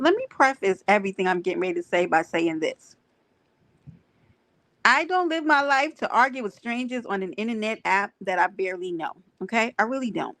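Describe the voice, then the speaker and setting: Woman streamer, animated profane rant, higher voice, dry close sound. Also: no echo. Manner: animated, profane, emphatic, talks to her chat. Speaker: livestream host. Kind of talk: livestream rant and viewer chat.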